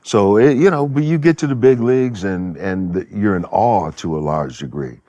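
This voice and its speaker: A man in his seventies, a guest in a casual interview, tells stories in a lowish voice at normal speed, acting out quotes and laughing as he goes. The recording is muffled.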